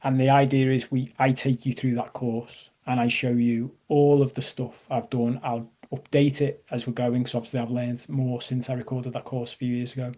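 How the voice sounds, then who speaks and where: A man's voice: medium pitch, flat delivery, moderate pace, hardly any pauses, warm tone. A man leading a live online coaching masterclass, chatty and self-deprecating, checking in with his audience. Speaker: life coach.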